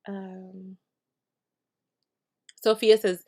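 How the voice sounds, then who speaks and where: A woman's voice: medium pitch, flat delivery, drawn-out words, warm tone. A woman hosting a casual live stream, reading viewer comments and answering hair care questions in a chatty way with many fillers and frequent laughs.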